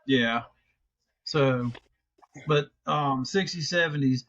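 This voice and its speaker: A man's voice: mid-range voice, takes it slowly, fairly bright tone, lo-fi sound. A middle-aged man co-hosting a podcast in casual chat, rambling and restarting, swearing freely. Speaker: podcast co-host.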